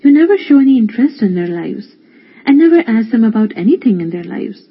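A wise, gentle mother, voiced by a storyteller, explains things to her son calmly. She speaks with a slightly breathy softness, and the lo-fi recording muffles her. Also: medium pitch, brisk, pitched above the performer's own voice. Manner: calm, gentle advice. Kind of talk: storybook reading.

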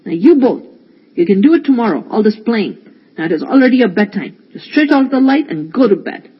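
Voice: big pitch swings, a little fast, slightly rough, lo-fi sound. A storyteller voicing Faraz, a short-tempered older brother who scolds and complains in a storybook reading. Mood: scolding. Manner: shrill, exasperated scolding.

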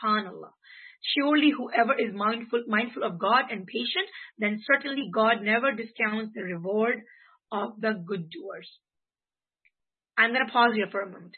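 An earnest woman teaching an online religious class, her fairly high voice a little husky. The sound is thin and phone-like. She keeps checking in with her students as she goes. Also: normal speed. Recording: tinny phone-like audio.

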